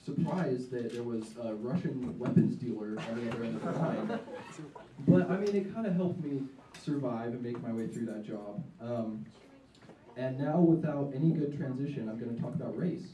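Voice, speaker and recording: A man's voice: mid-range voice, expressive, moderate pace, mellow, far from the mic. A young man doing a live stand-up set in a diner, rambling and self-mocking with many ums. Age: young adult. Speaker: stand-up comedian. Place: diner in front of an audience. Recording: echoey room, mic from afar, faint noise.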